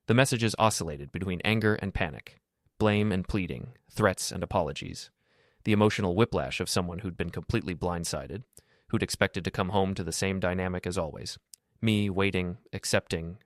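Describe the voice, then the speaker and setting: Calm, low-voiced male storyteller. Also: dry recording, clean studio sound. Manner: calm, level, flat delivery. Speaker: narrator. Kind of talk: first-person story narration.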